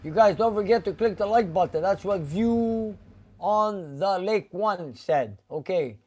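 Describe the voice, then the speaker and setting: A man with a somewhat high voice hosts a casual live stream from his garage. He reads viewer comments aloud one after another, chatting loosely about each, and now and then slips into Greek phrases. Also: animated, unhurried, a little mellow, slight background noise. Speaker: host reading live chat. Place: car garage shop.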